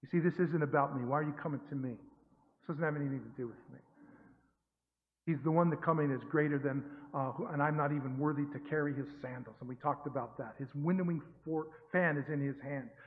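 A man's voice: fairly high pitch, a little fast. Preaching man, tinny echoey hall. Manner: conversational teaching, frequent self-corrections, rising to emphatic bursts. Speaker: pastor. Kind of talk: sermon. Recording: tinny phone-like sound with long hall reverb.

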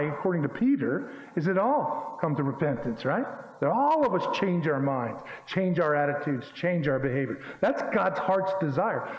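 A man preaching a sermon in an emphatic, folksy way, full of rhetorical questions. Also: fairly high pitch. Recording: echoey hall, dull lo-fi sound.

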